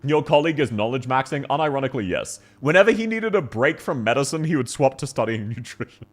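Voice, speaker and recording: A man's voice: mid-range voice, animated, fast, faint music behind. A man with an Australian accent, chatting casually with viewers on a live stream, rambling and laughing at himself. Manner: rambling, self-mocking, laughs often.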